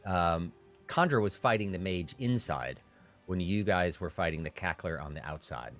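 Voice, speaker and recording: A man running a tabletop game as game master, halting, with many fillers and restarts. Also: sits low, expressive, a bit bright, faint music behind.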